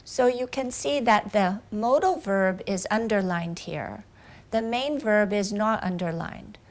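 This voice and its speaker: Female English teacher, mid pitch, unhurried deliberate delivery. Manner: slow, careful explanation with clear example sentences. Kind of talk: video lesson.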